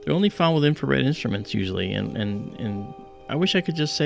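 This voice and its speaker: A man's voice: mid-range voice, very animated, a little fast, creaky, faint music behind. A man hosting an astronomy livestream, explaining casually with many fillers and restarts.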